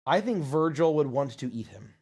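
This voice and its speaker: A man's voice: fairly high pitch, expressive, moderate pace, a little mellow, breathy edge. A man, a voice actor and show host, chatting casually and rambling through viewer questions on a livestream. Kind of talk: casual livestream Q&A, reading chat.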